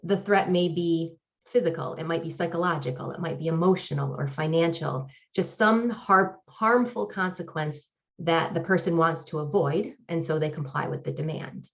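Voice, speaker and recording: A woman professor giving an academic lecture with slides, explaining in a measured, deliberate way. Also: low-pitched, highs cut off. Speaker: professor presenting research.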